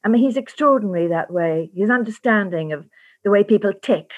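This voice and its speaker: A woman's voice: medium pitch, animated, brisk. A woman audiobook narrator talking thoughtfully in an interview, searching for her words. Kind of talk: reflective interview talk. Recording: slightly dull lo-fi sound.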